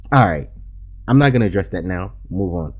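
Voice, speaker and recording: A man co-hosting a podcast, recapping a TV episode in casual chat with quick asides and self-corrections. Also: low-pitched. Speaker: podcast co-host. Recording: lo-fi podcast audio.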